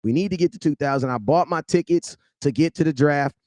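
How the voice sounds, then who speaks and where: A man's voice: fairly high pitch, fairly quick, no echo. Slangy man hosting a livestream. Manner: shouts out viewers by name, slangy and loud. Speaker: livestream host. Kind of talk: casual livestream chat.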